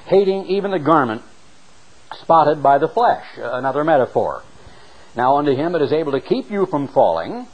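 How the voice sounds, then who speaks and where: A man preaching a sermon, reading scripture and explaining it with an emphatic, dramatic delivery that slows down for the readings. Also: rough recording. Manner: emphatic, dramatic delivery with sharp swings in pitch and loudness; slows down to read scripture aloud.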